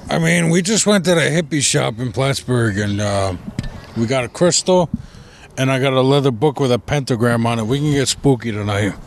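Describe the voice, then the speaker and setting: A man's voice: mid-range voice, moderate pace, a little hiss or hum. A man co-hosting a casual chat, teasing the others and cursing freely. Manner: swears freely, teasing, jokey. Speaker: podcast co-host.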